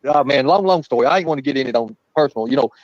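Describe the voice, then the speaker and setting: A man's voice: mid-range voice, expressive, rapid-fire. A man, telling rambling, profane, laughing anecdotes in casual talk. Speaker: guest storyteller. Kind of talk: casual storytelling. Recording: muffled lo-fi audio.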